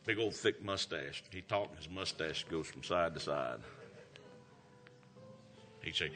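Man, Southern accent, evangelist, folksy revival preaching, lowish pitch, soft music behind. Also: unhurried, long pauses. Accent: Southern American. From American South. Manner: folksy, emphatic, calls out "amen". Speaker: traveling evangelist. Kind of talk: revival sermon.

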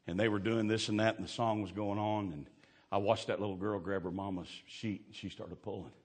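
A man preaching a fervent sermon, swinging from hushed asides to shouting. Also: lowish voice, fairly even intonation, a little fast, breathy edge.

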